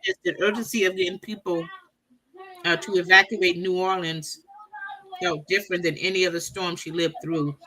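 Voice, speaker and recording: A woman's voice: on the low side, steady tone, moderate pace, sharp tone. A middle-aged woman co-hosting a casual chat show, reading a news article aloud with small restarts and easy laughs. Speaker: co-host.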